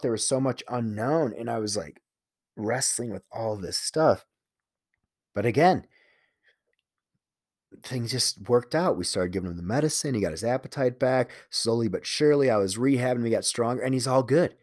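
A man's voice: lowish voice, normal speed, dry recording, studio quality. A man talking in a casual solo monologue, telling a candid, profane personal story and earnestly preaching about living life your own way. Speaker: solo speaker.

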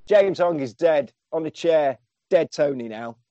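Man, slightly high voice, dry close sound, lively casual film recap with put-on voices. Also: a little slow, no room sound, highs cut off. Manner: animated storyteller, acting out quotes, swears freely. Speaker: podcast co-host recapping a film. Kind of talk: casual chat.

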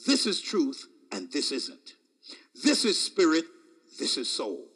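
A man preaching a sermon in a dramatic manner, swinging between shouts and hushed asides and chuckling often between phrases. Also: a little high, huge pitch swings, takes it slowly.

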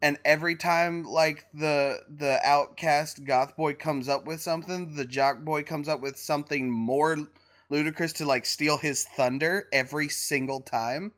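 Man, casual podcast chat, animated, swears, slightly higher voice. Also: measured pace. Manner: animated, swears when riled up. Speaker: podcast co-host.

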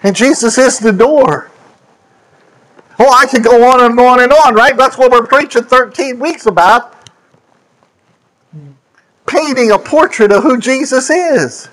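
A high-voiced man delivers a sermon. He leans hard on single words and sweeps from loud, high lines down to hushed low ones, stopping now and then to fix a verse number. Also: a little slow, long pauses, poor audio. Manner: emphatic, swooping between high and low; scripture quotes and self-corrections. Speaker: preacher.

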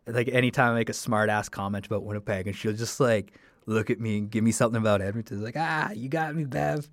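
A man's voice: fairly low pitch, flat delivery, quick pace, dry recording. A young man, a broadcasting student hosting a casual solo podcast. He talks enthusiastically and rambles. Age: young adult.

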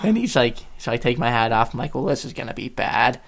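A man in his twenties chats casually with friends on a podcast. He tells his story with animated energy and acts out what everyone said. His voice sits at a medium pitch and often jumps up when he laughs. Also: fast talker, gravelly. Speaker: podcast co-host.

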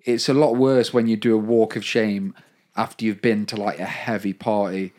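Low-voiced young man in casual chat. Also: normal speed. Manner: dry wry remarks, relaxed storytelling. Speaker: podcast co-host.

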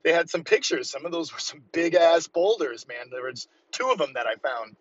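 A man in his fifties talking casually about strength training while driving to work, fast and rambling, highly caffeinated. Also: expressive, dry recording, dull audio. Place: car on the way to work.

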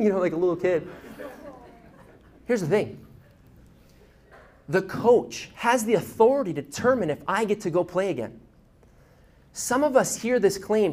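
A man preaching a sermon as a pastor, animated, getting loud and quick when he tells a story, with restarts. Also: high-pitched. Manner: animated, grows loud and fast in stories, with restarts.

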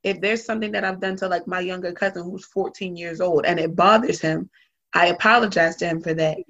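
A woman's voice: on the low side, fairly even intonation, a little fast, fairly bright tone, highs cut off. A woman talking candidly and emphatically in a casual conversation, blunt and swearing freely.

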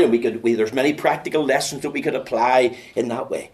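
A man's voice: medium pitch, sing-song, quick pace. Impassioned preacher man. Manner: impassioned, swinging from hushed storytelling to loud pleading. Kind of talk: sermon.

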